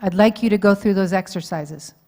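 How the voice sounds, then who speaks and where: A woman counselor speaks to a live church audience in an easy, conversational way. She keeps checking that people follow her and pokes fun at her own slips. Her voice sits at an ordinary middle pitch. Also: fairly quick, a little mellow. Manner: informal, checks in with the audience often, laughs at herself. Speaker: marriage counselor and conference speaker. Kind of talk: conversational teaching talk. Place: church hall, live event.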